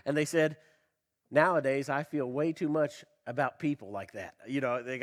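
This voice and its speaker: In church, a male pastor preaches a sermon at a moderate pace, putting questions to the congregation. He swings from loud emphasis to quiet, low lines, with a slight cough from a tickle in his throat.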